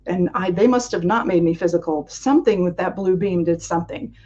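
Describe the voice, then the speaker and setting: A woman's voice: fairly low pitch, a little fast, mellow. A woman, an interview guest, recounting a personal experience in vivid detail and acting out her own past thoughts. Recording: dull lo-fi sound.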